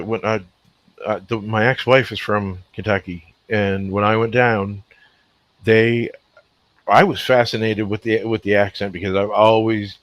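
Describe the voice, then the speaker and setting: A man's voice: on the low side, no echo. A man from Scotia, co-hosting a podcast in casual, rambling, stop-start chat. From Nova Scotia, Canada. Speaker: podcast co-host. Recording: dull lo-fi, dry.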